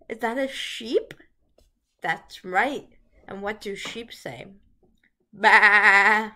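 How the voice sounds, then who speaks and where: A woman hosting a children's lesson video, talking gently to small children and making sing-song animal noises. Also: on the high side, lively intonation. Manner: slow, bright voice, sing-song animal noises for little ones. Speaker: early childhood teacher.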